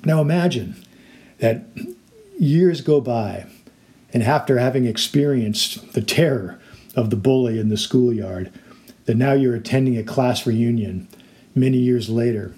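A male pastor delivering a sermon, earnest and steady as he walks through scripture. His voice sits at an ordinary middle pitch, and now and then he slips into the voices of the people in his stories. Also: measured pace. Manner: earnest and illustrative, acting out quoted voices.

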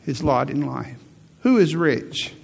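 Middle-aged guy preaching a sermon, husky gravelly voice, keeps repeating his point for emphasis. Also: fairly high pitch, animated, takes it slowly. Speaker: pastor.

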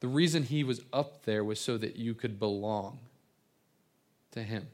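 A man's voice: on the low side, a little slow, a little mellow. A man preaching an evening sermon, telling stories earnestly with frequent stammered restarts and repeated words. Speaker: pastor.

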